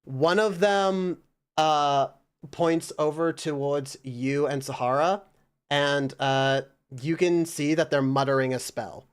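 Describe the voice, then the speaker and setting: Man running a tabletop game, smooth voice. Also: a little high. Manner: relaxed, halting with fillers. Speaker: game master.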